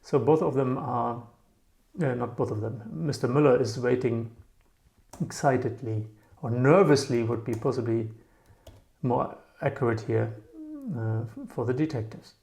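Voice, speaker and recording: A male language teacher who talks slowly and thinks aloud as he goes. He keeps checking in with his listener and repeats words over and over. Keys clatter softly in the background as he types. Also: medium pitch, steady tone, gravelly. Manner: slow, musing, repeats words aloud, frequent "yeah?" checks. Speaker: German teacher. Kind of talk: casual explanatory lesson.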